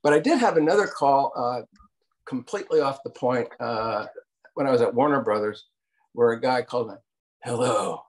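An older man recounts stories from his career in a loose, rambling way, full of fillers and restarts. He slips into acted-out quotes as he goes, and his voice sits at an everyday middle pitch. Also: normal speed. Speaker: interview guest, cartoon producer. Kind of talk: casual storytelling interview.

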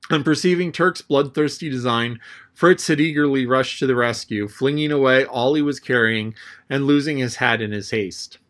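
A man reading a classic adventure novel aloud as an audiobook narrator, telling the story in a lively way. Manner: lively storytelling, raising his pitch for the boy's lines.

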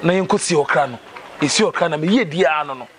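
A man's voice: on the high side, lively intonation, close to an everyday voice. A Ghanaian-accented man playing a troubled driver who anxiously recounts his ordeal, in a noisy outdoor scene. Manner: rapid storytelling, anxious. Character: worried adult man, spiritually troubled driver.

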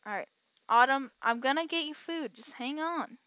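A woman giving casual, excitable let's-play commentary, chatting to herself and her audience as she plays. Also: sits high, normal speed, no room sound, muffled recording. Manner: excitable, chatty, talks to herself while playing. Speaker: gaming channel host.

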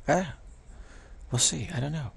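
Gravelly, husky-voiced man musing on spirit. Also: on the high side, measured pace. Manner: rambling, repeats words, acts out quoted voices. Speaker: spiritual speaker. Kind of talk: reflective spiritual talk.

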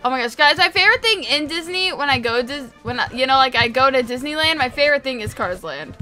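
A young woman chats through a video game in a very high, bright voice. She gets excited easily and reads the on-screen text aloud as she goes. Faint game music plays underneath. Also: fast. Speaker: gaming video host. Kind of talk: casual game commentary.

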